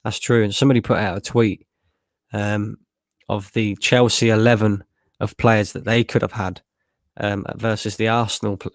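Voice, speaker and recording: Reacting on a live football watchalong, a young Lincolnshire man reads out chat, laughs a lot and swears casually. His lowish, gravelly voice comes through a close mic with a dry recording.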